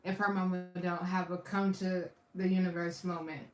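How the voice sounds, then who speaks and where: A woman hosting a watch party, giving casual reaction commentary and repeating phrases between loud outbursts and quiet asides. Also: on the low side, little pitch movement, normal speed. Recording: echoey room, far from the mic.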